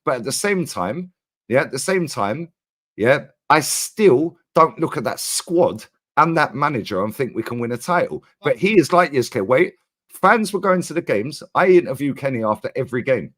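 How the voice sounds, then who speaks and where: A Londoner in a heated football debate, talking over the other side. His pitch moves a lot as he presses his point. He leans on slang and quick repeats. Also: big pitch swings. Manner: forceful, interrupts, repeats words and slang. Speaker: guest Arsenal fan.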